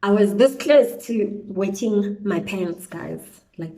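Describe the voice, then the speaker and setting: In a roughly recorded clip, a young South African woman takes her time chatting through a storytime as she does her makeup for her beauty vlog. Her medium-pitched delivery is animated and peppered with slang interjections, and she is indoors at home with wind blowing outside.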